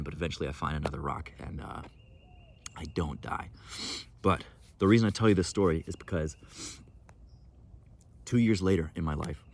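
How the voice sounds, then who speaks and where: A man in his twenties telling a story to camera outdoors at sunrise in a laid-back, profane, casual vlog style, calling the viewer "bro". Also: sits low. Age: 20s. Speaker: vlogger.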